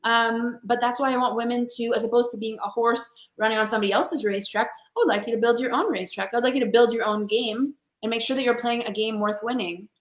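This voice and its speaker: A woman's voice: on the high side, fast talker, hardly any pauses. A woman sales coach being interviewed over a video call, speaking in a passionate, emphatic motivational way. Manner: passionate, emphatic, calls listeners honey. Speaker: sales coach for women, guest. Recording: echoey room.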